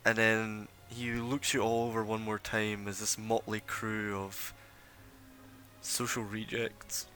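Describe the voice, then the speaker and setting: A man narrating as game master of a tabletop game, casual and rambling, with filler pauses. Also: fairly low pitch, flat delivery, sharp tone, soft background music.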